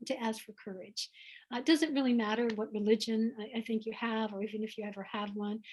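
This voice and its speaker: A woman from the American South talks in a reflective, heartfelt way, her Southern accent clear in every phrase. Her voice sits slightly high for a woman, and she takes her time. It sounds like a video call. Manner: earnest, heartfelt, unhurried. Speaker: author guest.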